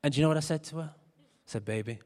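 A man preaching a sermon in a large church, animated and building to shouted exhortation. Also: fairly high pitch, rapid-fire. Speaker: pastor. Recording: long hall reverb.

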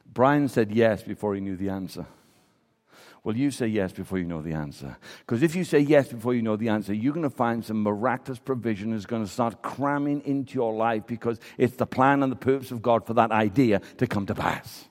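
A man delivers a sermon in a lowish voice, telling a story and acting out the voices of the people in it. The long reverb of a large church hall surrounds every word. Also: lively intonation, brisk. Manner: storytelling, acts out quoted voices. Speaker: preacher.

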